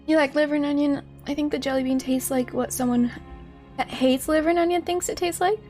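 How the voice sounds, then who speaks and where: A woman's voice: sits high, fairly even intonation, fairly quick, darkish tone, faint music behind. A woman live-streaming a video game, giggling often and chatting to her viewers as she plays. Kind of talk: live gameplay commentary.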